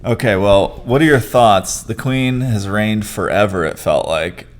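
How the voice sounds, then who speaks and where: Low-voiced man joking as podcast co-host. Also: a little slow. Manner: joking, blunt opinions, trailing restarts. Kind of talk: casual podcast chat. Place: house-sit home.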